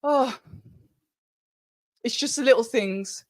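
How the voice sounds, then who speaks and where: A woman hosting a live fight watch-along stream, chatty and excitable, talking straight to her viewers. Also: a little high, slow pace, dry recording. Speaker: livestream watch-along host.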